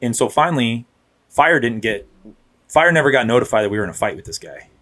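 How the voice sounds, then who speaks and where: A man's voice: mid-range voice, big pitch swings, a little fast, a bit bright. A man in his thirties, a police officer, telling rambling stories in casual podcast chat. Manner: rambling, restarts, acts out quotes. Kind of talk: casual storytelling.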